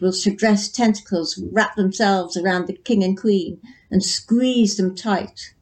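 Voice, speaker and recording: A woman reading her own story aloud, with measured, unhurried narration. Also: mid-range voice, darkish tone. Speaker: story reader.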